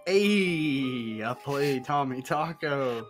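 A man's voice: mid-range voice, expressive, extremely slow, faint music behind. A man introducing himself as a player on a game stream, goofy and playful. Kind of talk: casual stream chat.

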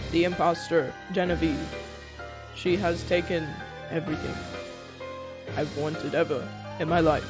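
A woman streaming a game live, giving goofy, playful running commentary and reading the dialogue aloud. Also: on the low side.

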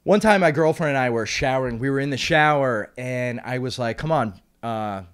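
A male American comedian hosting his own podcast, delivering a rambling deadpan monologue with dry asides and self-interruptions, recording alone on camera. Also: mid-range voice, fairly quick, clean tone. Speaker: podcast host and stand-up comedian.

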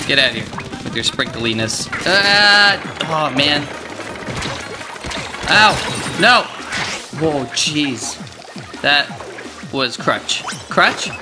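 A gaming video creator commentating their own play, reacting with yelps, groans and quick outbursts. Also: mid-range voice. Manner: excitable, yelps and groans at game events. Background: game music.

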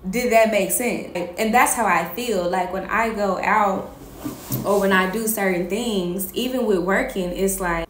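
A woman talking casually about faith as host, animated and slangy, laughing often. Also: medium pitch, roomy sound. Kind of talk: casual faith talk to camera.

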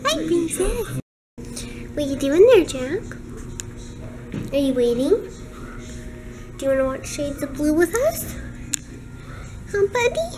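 A woman's voice: high voice, very animated, takes it slowly, long pauses. A young woman vlogging at home, cooing in baby talk at her cats. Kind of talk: casual home vlog. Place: home indoors. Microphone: handheld camera. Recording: noisy home camera audio.

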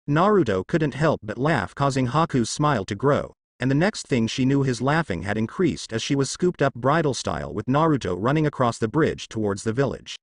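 Man narrating fan fiction, lively pitch. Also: a little fast, few pauses, no echo, clean studio sound.

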